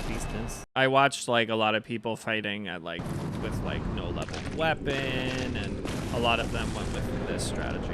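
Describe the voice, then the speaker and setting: Young male streamer, mid-pitched, loose casual commentary over loud game music; talks to chat between fights. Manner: casual, chatty, reacting to chat with swings between excitement and frustration. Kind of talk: live gameplay commentary.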